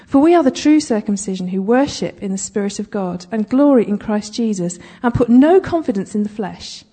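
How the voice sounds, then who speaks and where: A woman's voice: mid-range voice, lively intonation, fairly quick, mellow, slightly rough. A woman giving conversational Bible teaching, chatty, with humorous asides and frequent check-ins with her listeners.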